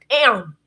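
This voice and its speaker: A young woman chats with her livestream viewers in loose, frank slang. Her voice is bright and a touch high, and she takes her time. She laughs easily between remarks. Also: a little hiss or hum. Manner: candid, slangy, laughs often. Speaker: livestream host chatting with viewers. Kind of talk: casual chat.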